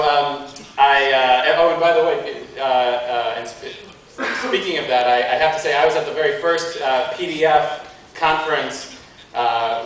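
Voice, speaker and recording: Halting American man in an echoey hall. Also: mid-range voice, a bit bright, slight background noise. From United States. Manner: halting, many fillers and restarts. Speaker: conference speaker. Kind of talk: live conference talk. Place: large conference hall. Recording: echoey hall, mic from a distance.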